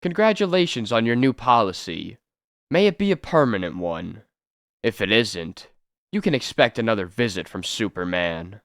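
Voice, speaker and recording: A man's voice: lowish voice, expressive, moderate pace, fairly bright tone, no room sound, clean studio sound. A man reading a comic book aloud, voicing a stern, strong male hero disguised as a miner who gives firm commands. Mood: warning.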